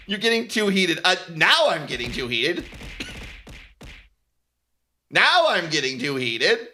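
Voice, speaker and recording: A man streaming as a VTuber, ranting in a sarcastic, animated way, swearing often and laughing at himself. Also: a little high, takes it slowly, pauses often, slight background noise. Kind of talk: casual stream rant.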